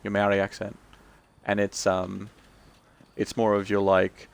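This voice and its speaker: A male streamer chatting casually while he plays, rambling and restarting, his voice croaky and tired. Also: on the low side, monotone, unhurried. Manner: rambling, many restarts and fillers. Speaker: game streamer. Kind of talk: casual chat while gaming.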